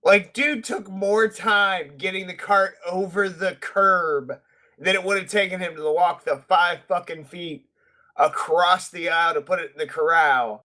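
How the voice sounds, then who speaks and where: A man's voice: high voice, fairly even intonation, a little slow, sharp tone. A man ranting heatedly on a casual podcast, swearing a lot. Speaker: podcast co-host. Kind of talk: casual profane chat.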